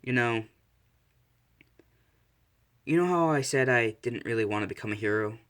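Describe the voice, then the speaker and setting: A man voicing a shy teenage boy in a fan-made anime story, speaking softly and hesitantly. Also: mid-range voice, expressive, normal speed, clear, resonant tone, natural voice. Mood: earnest. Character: shy teenage boy, gentle hero hopeful.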